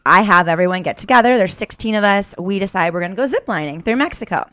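Animated storytelling woman in her forties. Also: medium pitch, fast talker, no echo. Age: 40s. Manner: animated, swearing, vivid storytelling with acted-out inner quotes. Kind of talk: casual podcast chat, storytelling.

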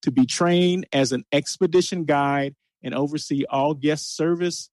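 An animated man hosting an interview, his voice a little high and recorded close and dry. He reads a long introduction with stumbles, then chats eagerly with his guest. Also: measured pace, no echo. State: out of breath after the intro. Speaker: host. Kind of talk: casual interview.

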